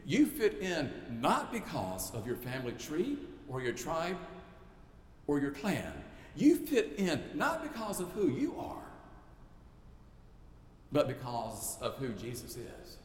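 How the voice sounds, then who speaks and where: A man's voice: a little high, wildly swooping pitch, slow pace, a little mellow. A male pastor preaching a sermon with emphatic, repetitive rhetorical build-ups. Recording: echoey church hall, faint noise.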